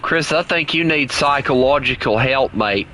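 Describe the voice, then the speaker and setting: A man's voice: mid-range voice, moderate pace, bright, forceful tone, slight background noise, natural voice. A man doing a cheeky put-on Australian bloke. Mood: joking. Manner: jokey, teasing, sprinkles "crikey" and "mate". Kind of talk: gameplay chat with friends.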